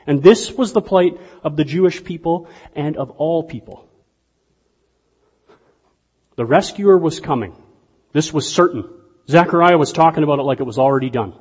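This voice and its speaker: A male preacher with a fairly high, husky voice delivers a lively, conversational sermon that jumps from hushed asides to loud outbursts. The sound is dull and lo-fi, with a long reverb trailing off the walls of a large hall. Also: moderate pace, long pauses. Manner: animated, conversational preaching with sudden bursts of volume. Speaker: pastor.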